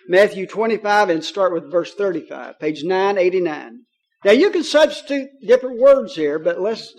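A preacher with a notably high voice for a man delivers a sermon. He talks in a folksy, conversational way and paraphrases scripture in plain speech. When he reads verses aloud, he slows down on the key phrases.

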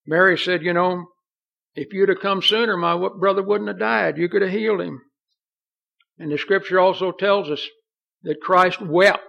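A man's voice: a little high, gravelly. A man preaching a sermon in an earnest, folksy way, reading scripture aloud. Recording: dull lo-fi recording.

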